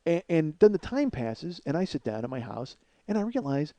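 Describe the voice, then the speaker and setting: Man, middle-aged, comedy podcast host, high-pitched, lively, profane ranting storyteller. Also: moderate pace, dry recording.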